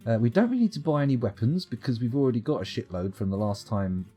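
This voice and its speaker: A man's voice: mid-range voice, animated, fast talker, mellow, breathy edge, faint music behind. A man casually commenting on his game during a live stream, joking, rambling and reading out chat messages. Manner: jokey, rambling, reads chat aloud.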